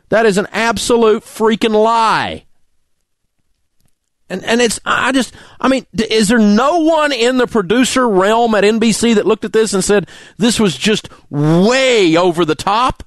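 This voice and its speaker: A middle-aged man with a drawl rants furiously into a studio microphone. His voice sits high and swings wildly between low growls and shouted peaks. The sound is close and dry. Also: no room sound. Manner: angry, indignant, name-calling rant. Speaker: radio talk show host. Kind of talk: ranting talk radio monologue.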